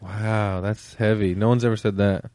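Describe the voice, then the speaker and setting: A man's voice: lowish voice, fairly even intonation, moderate pace, warm tone, dry recording. A man hosting a podcast, chatting casually and teasing his guest with jokes. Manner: joking, teasing. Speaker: podcast host.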